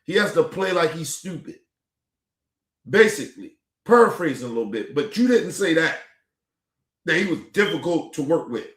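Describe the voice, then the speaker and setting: High-pitched dude ranting and cussing on his stream, echoey room. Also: lively intonation, normal speed, long pauses, a bit bright. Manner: heated, repetitive, cursing. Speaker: streaming show host reacting to a clip. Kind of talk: profane reaction rant.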